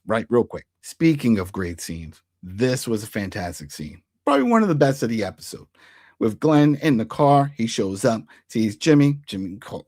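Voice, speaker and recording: A man hosts a casual recap of a TV episode, talking in a lively, swinging voice. He keeps slipping into quick put-on voices for the characters as he retells scenes. The sound is dry and close. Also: lowish voice, dry recording. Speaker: TV recap host.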